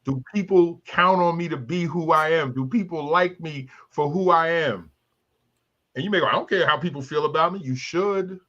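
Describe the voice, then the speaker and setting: A man's voice: a little high, normal speed, sharp tone, muffled recording. A man in his fifties hosting a candid panel discussion, telling stories and acting out the voices of other people as he makes his points. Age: 50s. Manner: storytelling, acts out voices of others. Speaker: talk show host.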